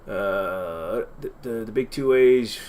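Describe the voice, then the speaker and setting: A man's voice: on the low side, slow, darkish tone, a little hiss or hum. A man hosting a casual livestream Q&A from his desk, rambling with lots of fillers and self-deprecating asides. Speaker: channel host.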